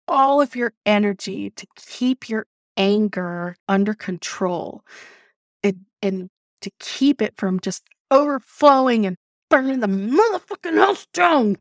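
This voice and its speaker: Woman host telling a personal story, animated, cussing, mid pitch, dry. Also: no echo. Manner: animated, swears freely, vents with laughter. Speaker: podcast host. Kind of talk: casual storytelling monologue.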